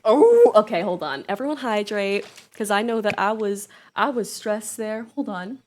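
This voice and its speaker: Excitable streamer woman, lively animated voice. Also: mid-range voice, normal speed. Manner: excitable, yelps and laughs, apologetic chatter. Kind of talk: live gaming stream chat.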